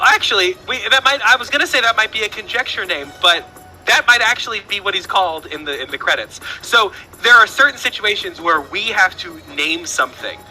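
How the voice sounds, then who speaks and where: A man's voice: high voice, sharp tone, poor audio. A man hosting a casual trivia quiz stream, chatty and rambling, often restarting his sentences. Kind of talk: casual livestream chat.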